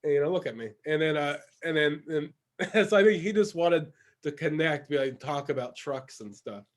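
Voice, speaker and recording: A man hosting a casual podcast chat, telling a story in an animated way and laughing often. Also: a little high, moderate pace. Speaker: podcast host.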